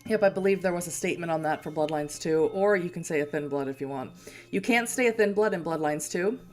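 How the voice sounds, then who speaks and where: Low-voiced woman streamer chatting. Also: fast talker, a little mellow. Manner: chatty, laughing, rambling explanations. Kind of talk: casual game-stream commentary.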